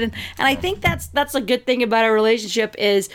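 Animated middle-aged woman telling stories. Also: on the high side, quick pace, hardly any pauses. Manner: animated storyteller, acts out scenes with exclamations. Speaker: podcast co-host. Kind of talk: casual chat.

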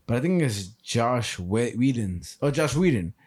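A man co-hosting a podcast, chatting casually and telling stories in a loose, profane, animated way. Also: medium pitch, unhurried, breathy edge, no room sound, studio quality. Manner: animated, profane storytelling with frequent laughs. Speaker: podcast co-host. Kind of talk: casual chat.

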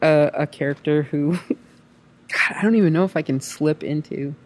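A woman actress in casual chat, talking in an animated, rambling way with lots of fillers. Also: sits low, moderate pace.

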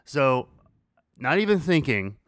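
A man's voice: medium pitch, very animated, takes it slowly, a bit bright, no echo, studio quality. A man hosting a podcast, casually telling a story, swearing freely and laughing as he goes. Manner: laid-back, swears freely, laughs through his story. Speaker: podcast host.

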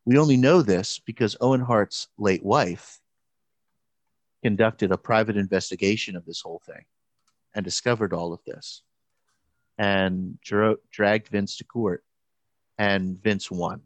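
A man telling a story in casual conversation, halting, with many restarts and fillers. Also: lowish voice, no echo.

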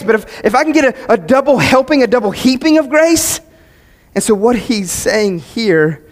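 A man's voice: high voice, big-room sound. A male pastor preaching a sermon, emphatic and building to fervent peaks on key phrases.

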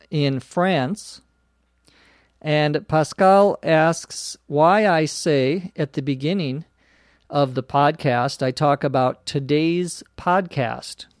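Guy teaching english on a podcast, talks really slow, spells words out, dry close sound. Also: fairly high pitch, no room sound. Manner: spells out words letter by letter, explains slowly with fillers. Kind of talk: slow explanatory podcast lesson.

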